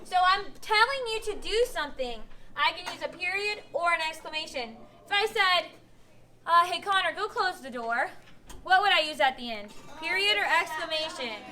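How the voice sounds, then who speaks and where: This elementary school teacher leads young pupils through a lesson, asking questions patiently and acting out sentences. Her very high-pitched voice is animated, pushed and bright, at a moderate pace, with slight background noise.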